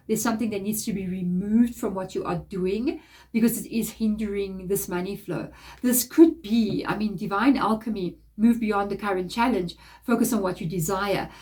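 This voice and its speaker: A woman with a stuffy, blocked nose and a plainly nasal sound, reading tarot cards for her viewers. She talks in a chatty, encouraging way, with loose, rambling sentences. Her pitch sits in an ordinary middle range. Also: mellow. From Africa. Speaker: tarot reader. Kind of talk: casual tarot card reading.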